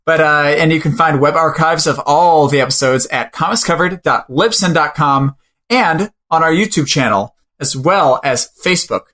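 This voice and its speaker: A man's voice: a little high, normal speed, bright, forceful tone. A man co-hosting a podcast in casual chat, joking around and stumbling and apologizing as he reads the show's sign-off. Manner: jokey, fumbles and apologizes through the read. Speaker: podcast co-host.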